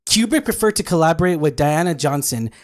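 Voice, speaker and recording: A man's voice: on the high side, animated, normal speed. A man reading a podcast script, stumbling over names, cursing and laughing at his own mistakes. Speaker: guest podcaster.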